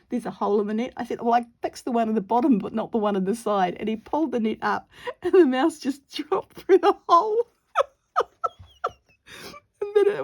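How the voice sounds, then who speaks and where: A woman's voice: on the high side, creaky, darkish tone. A woman telling a funny story casually while she crafts, laughing often and acting out her own panicked squeals. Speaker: crafting vlogger.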